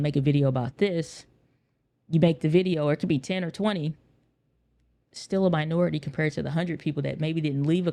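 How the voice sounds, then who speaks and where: A man's voice: a little high, creaky, dark tone. A man hosting a podcast, talking in an earnest, conversational way and repeating phrases for emphasis. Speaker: podcast host. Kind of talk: casual solo podcast talk.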